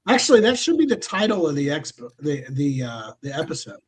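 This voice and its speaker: High, husky man, hesitant podcast host. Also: very animated, a little fast. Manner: hesitant, full of filler words. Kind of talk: casual chat.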